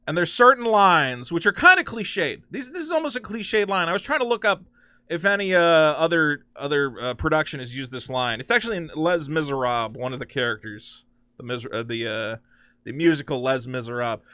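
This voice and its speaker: A man hosts a comic-book commentary, ranting with incredulous, sarcastic exasperation. His voice swoops widely and has a bright, forceful edge. It is recorded dry and close, with no room sound. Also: a little high, lively intonation, brisk, smooth, no echo. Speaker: host.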